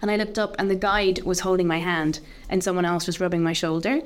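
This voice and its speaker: A woman's voice: lowish voice, fairly even intonation, brisk. Woman telling a heartfelt story. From Ireland. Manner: open, heartfelt, full of "like" fillers. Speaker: guest. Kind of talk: candid personal storytelling.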